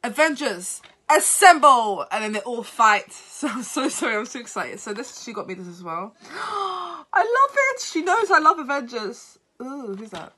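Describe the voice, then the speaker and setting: A tired woman vlogger unboxing gifts at home, talking in an excitable, apologetic way. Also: fairly high pitch, a little fast, few pauses, slightly rough. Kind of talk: unboxing vlog.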